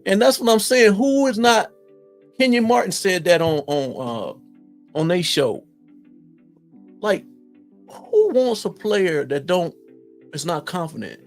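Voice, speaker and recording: A middle-aged man from Ohio with an Ohio accent, hosting a casual live-stream chat, reading viewer comments and answering them in an animated, folksy way. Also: high voice, takes it slowly, vocal fry, pauses often, faint music behind. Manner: animated, talks straight to viewers, folksy slang.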